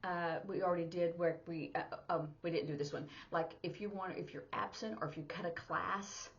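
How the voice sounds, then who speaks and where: A woman with a lowish voice gives a relaxed, chatty lesson, explaining each sign one step at a time and pausing on "um" as she thinks. The recording sounds dull and lo-fi. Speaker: sign language teacher. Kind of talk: casual instructional lesson.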